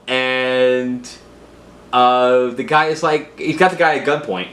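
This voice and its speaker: Male comic reviewer, mid-pitch, casual and rambling, recorded in an echoey room. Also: little pitch movement, slow pace, fairly bright tone. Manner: rambling, lots of filler sounds and restarts.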